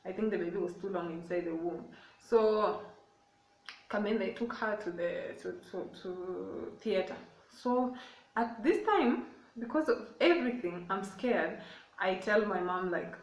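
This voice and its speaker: A woman's voice: medium pitch, measured pace, recorded from a distance, a little hiss or hum. Woman telling a story in an echoey room. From Kenya. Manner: emotional, rambling, repeats herself. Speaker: vlogger. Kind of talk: casual storytime. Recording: echoey room, away from the mic.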